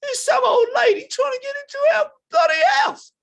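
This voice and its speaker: A man voicing a rough male gorilla guard in a tabletop game, shouting in a squeaky, strained voice. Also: very animated, moderate pace, heavily acted. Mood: angry.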